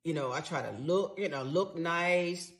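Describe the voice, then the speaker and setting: A woman's voice: on the low side, measured pace. A middle-aged woman telling a personal story in a candid, conversational way, swearing freely as she replays her side of the argument.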